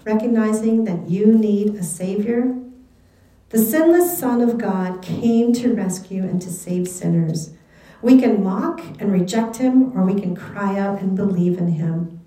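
Woman Bible teacher, unhurried and earnest, mellow tone, echoey room. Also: mid-range voice. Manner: slow, earnest, reflective, with questions to the listener. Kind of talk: devotional Bible reading and commentary.

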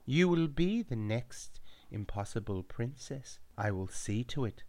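Man doing a hushed, smug pop diva. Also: medium pitch, very animated, unhurried, dry recording. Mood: coaxing. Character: softly smug female pop star.

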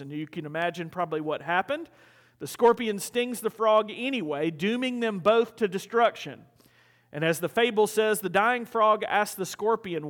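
A man's voice: high voice, fairly bright tone. A male pastor preaching a sermon in a conversational, storytelling way in a church. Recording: hall reverb.

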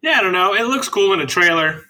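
Young man, higher, very bright voice, animated pitch, jokey film banter. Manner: jokey, quick deadpan quips. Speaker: film commentary co-host. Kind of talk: casual movie commentary chat.

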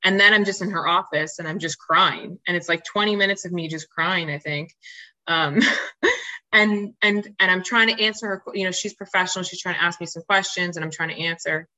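Earnest woman with a bright, forceful voice. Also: fairly low pitch, fairly quick, low-quality recording. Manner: open, earnest, frequent fillers and restarts. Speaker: podcast guest. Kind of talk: candid personal storytelling in interview.

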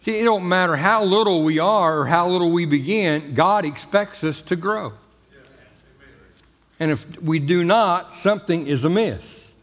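A man's voice: high voice, measured pace, fairly bright tone, long reverb tail. A man preaching a sermon as pastor, talking in a folksy, emphatic way with jokes. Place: church sanctuary.

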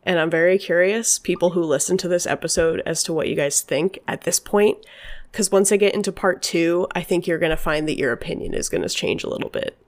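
Woman, podcast co-host, low-pitched, casual storytelling. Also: a little fast. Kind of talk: casual chat.

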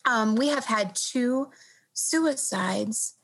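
A woman doctor in her thirties speaks in a fairly high voice, earnest and reflective. She talks haltingly, restarting and repeating words as she works out what she means. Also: fairly bright tone, a little hiss or hum, poor audio. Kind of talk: reflective interview answer.

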